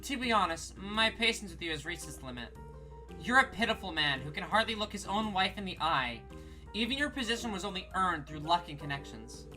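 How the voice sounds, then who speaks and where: A woman's voice: fairly low pitch, big pitch swings, pushed and bright, soft background music. Woman voicing a cold, haughty wealthy wife. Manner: cutting, disdainful, measured.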